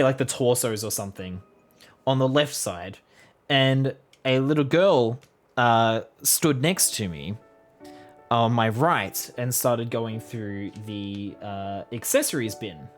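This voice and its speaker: A young adult woman casually telling a rambling personal story to her vlog audience. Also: very deep voice. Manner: chatty, rambling with fillers. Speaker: vlogger.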